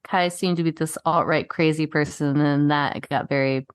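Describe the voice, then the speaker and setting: A woman's voice: low voice, moderate pace, smooth, dry recording. A woman co-hosting a podcast in casual chat, telling a story animatedly with lots of swearing and "like". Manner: profane, animated storytelling, frequent "like". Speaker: podcast co-host.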